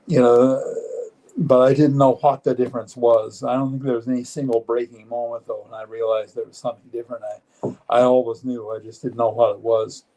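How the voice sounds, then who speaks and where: Older male interview guest, 70s, mellow dark tone, earnest and plain-spoken, halting phrasing. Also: medium pitch, poor audio. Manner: earnest, matter-of-fact, halting with frequent restarts. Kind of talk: live-streamed personal interview.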